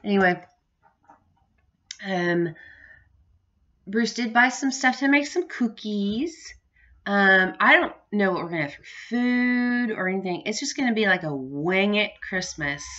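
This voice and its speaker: A middle-aged woman talking casually to the camera from her home, rambling from one thought to the next and laughing often. Her voice is bright and forward. The recording is somewhat dull and lo-fi. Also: fairly low pitch. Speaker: vlogger. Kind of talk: casual home vlog chat.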